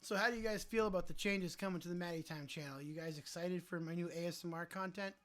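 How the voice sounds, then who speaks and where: A man's voice: high voice, fast talker, a bit bright. A man hosting a casual livestream, joking around and answering viewer chat aloud, with some swearing. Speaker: livestream host.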